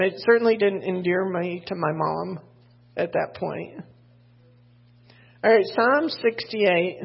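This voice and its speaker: A woman's voice: mid-range voice, vocal fry, husky. An older woman preaching a sermon from a pulpit. She talks candidly, wanders off into personal stories with self-deprecating asides, and reads scripture aloud. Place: church pulpit. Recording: dull lo-fi sermon recording.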